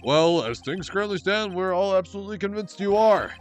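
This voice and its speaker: A man's voice: high voice, lively intonation, fairly quick, faint music behind, voice pushed up. A man voicing a smug, dismissive male prosecutor.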